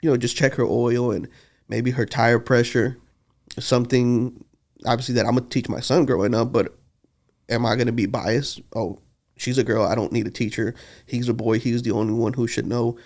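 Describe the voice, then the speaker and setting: A man's voice: mid-range voice, flat delivery, normal speed, darkish tone. A man, telling heartfelt stories in a casual podcast conversation. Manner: earnest, heartfelt storytelling. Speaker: podcast co-host.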